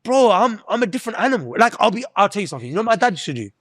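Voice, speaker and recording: Man, thirties, animated slangy storyteller, lively voice, dry sound. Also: sits high, rapid-fire, no room sound. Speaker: podcast co-host. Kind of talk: casual chat.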